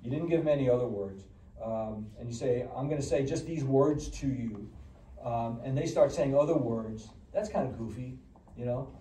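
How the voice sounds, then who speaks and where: A man giving a conversational audiology lecture, full of fillers and restarts, who gets animated when he acts out patients. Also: medium pitch, echoey room, distant mic, poor audio. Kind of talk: recorded classroom lecture.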